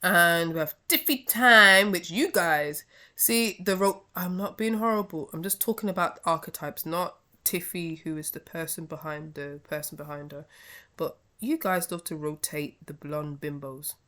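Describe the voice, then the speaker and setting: A woman's voice: on the low side, moderate pace, sharp tone. A British woman hosting her own wrestling review channel, giving a heated, scolding rant in a casual talking style. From United Kingdom. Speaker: wrestling commentary vlogger.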